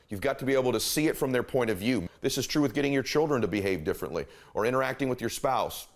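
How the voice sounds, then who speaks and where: A middle-aged man giving an earnest motivational talk, emphatic and fond of repeating key phrases. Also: medium pitch. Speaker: motivational speaker.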